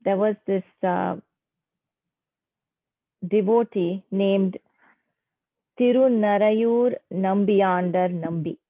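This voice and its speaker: A woman telling a devotional story in an unhurried, halting way, stressing key moments. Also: medium pitch, no room sound. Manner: unhurried, halting with fillers, emphatic. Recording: tinny phone-like line, dry.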